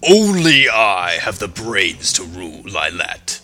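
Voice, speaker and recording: Brief: a man voicing a scheming male ape tyrant, deep and drawn out, ringing bright tone. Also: very animated, faint music behind, full character voice. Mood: menacing. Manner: deep, slow, loud menacing voice. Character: power-hungry male ape villain emperor.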